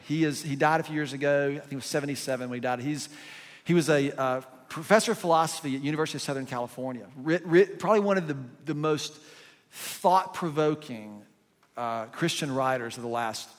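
A man preaching a sermon in a conversational, animated way, full of rhetorical questions. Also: on the high side, in a large hall. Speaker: pastor.

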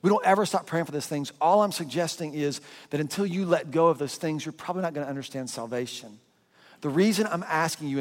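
A man preaching a sermon as a pastor, telling a story with animation and acting out voices. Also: fairly high pitch. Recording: long hall reverb.

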